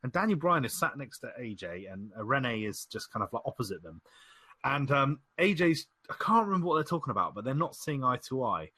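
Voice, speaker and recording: Animated husky man chatting. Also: mid-range voice, brisk, no room sound. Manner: animated storyteller, rambling with many fillers. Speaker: podcast co-host. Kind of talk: casual wrestling chat.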